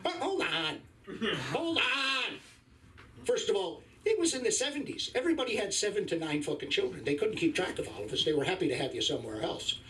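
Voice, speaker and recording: Man, 50s, profane stand-up comic, lively delivery, faint club noise behind. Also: high-pitched, quick pace, recorded from a distance. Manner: crude, profane, wry storytelling. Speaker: stand-up comedian. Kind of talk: stand-up comedy set. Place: comedy club stage, live.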